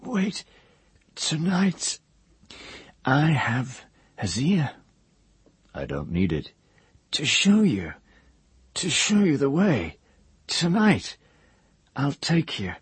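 A man voicing a broken former wizard, a maimed man who speaks in a soft, hoarse voice in halting, stammering bursts. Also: a little high, huge pitch swings, no room sound, pitched above the performer's own voice, full character voice. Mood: pleading.

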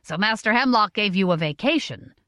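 A woman voicing a prosperous middle-aged merchant father who speaks bluntly and asks brisk questions, in a storybook reading. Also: medium pitch, animated, fairly bright tone, no room sound, clean studio sound, natural voice. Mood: gruff, blunt.

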